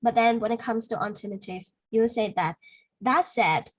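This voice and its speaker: Vietnamese-accented woman tutoring, higher voice. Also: normal speed, poor audio. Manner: patient, corrective, many "like" fillers. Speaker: English speaking tutor. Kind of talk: one-to-one speaking lesson.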